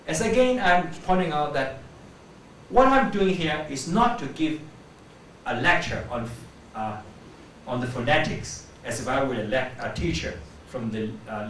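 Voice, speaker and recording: A lively, slightly higher-pitched man demonstrates pronunciation to a class, drawing out vowels and lifting his questions. His voice carries through a very echoey classroom from some distance, with faint room ambience underneath. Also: slight background noise. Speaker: pronunciation teacher.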